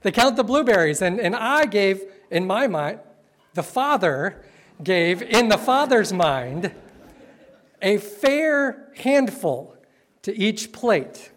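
A man preaching to his congregation, telling stories conversationally and slowing down hard on key phrases. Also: sits high, big pitch swings, fairly bright tone. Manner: conversational, playful storytelling with sudden slow emphatic phrases. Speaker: pastor. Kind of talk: sermon. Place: church sanctuary with congregation.

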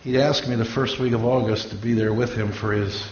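A man's voice: mid-range voice, steady tone, fairly quick. A man, a pastor, preaching a sermon and telling stories, acting out the voices of the people he quotes. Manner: storytelling, acts out quoted voices. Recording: echoey room, dull lo-fi sound, faint hiss.

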